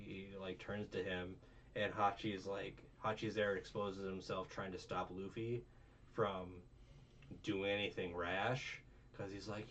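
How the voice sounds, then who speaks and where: A man hosting an anime review, recapping the plot in a rambling, profane, animated way. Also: low voice, measured pace. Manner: rambling, profane, animated with put-on character voices. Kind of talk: casual recap chat. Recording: distant lo-fi mic with faint room noise.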